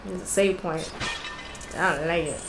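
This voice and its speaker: A woman's voice: lowish voice, moderate pace, roomy sound, background noise. A woman hosting a gaming channel, chatting casually and exclaiming in frustration as she plays. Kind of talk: casual gameplay commentary.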